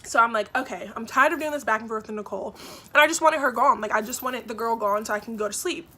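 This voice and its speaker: A young woman in her twenties vlogging a storytime, retelling events in a lively way with lots of "like" and acted-out quotes. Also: on the high side, fast. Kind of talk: storytime vlog.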